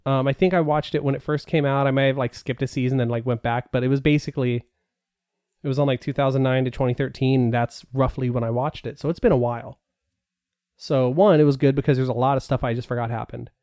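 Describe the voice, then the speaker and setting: A man's voice: medium pitch, steady tone, quick pace, mellow, no room sound, clean studio sound. A man co-hosting a podcast, talking casually with many fillers and restarts. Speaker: podcast co-host. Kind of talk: casual chat.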